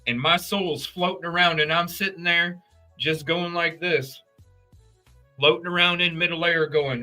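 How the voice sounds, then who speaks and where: A man hosting a casual true crime livestream, talking straight to his chat viewers in an animated, profane, rambling way. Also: a little high, moderate pace, soft background music.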